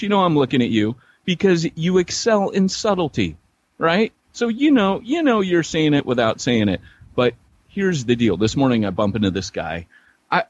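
An American man co-hosts a podcast in loose, joking chat, his voice husky and full of swooping pitch. The audio sounds somewhat dull and lo-fi, as if captured on a modest setup. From United States. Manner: animated storyteller, joking. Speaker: podcast co-host. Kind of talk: casual chat. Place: San Diego area.

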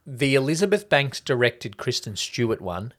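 A man's voice: medium pitch, big pitch swings, normal speed, a bit bright. A man co-hosting a casual movie review podcast, arguing his points emphatically and swearing now and then. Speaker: podcast co-host. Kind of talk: casual film review chat.

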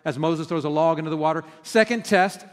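Pastor, middle-aged man, chatty storytelling sermon with lively acted-out lines, higher voice, long church reverb. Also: a little fast. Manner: conversational storytelling with animated quoted outbursts. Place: church sanctuary.

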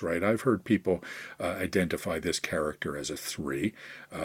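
A man's voice: low-pitched, slightly rough. A man hosting a podcast discussion, posing thoughtful questions to his guests and often ending a point with a questioning "right?". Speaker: podcast host.

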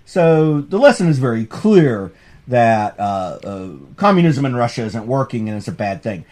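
A man, a professor hosting a comics podcast, talking through a story in an amused, animated way with frequent restarts. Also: mid-range voice, moderate pace. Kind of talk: casual lecture chat.

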